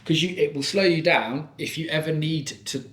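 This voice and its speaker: A man's voice: fairly high pitch, moderate pace. Chatty surf guy, roomy sound. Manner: chatty, animated storytelling with frequent laughs. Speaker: surfboard shaper, guest. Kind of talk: casual podcast chat. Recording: roomy echo.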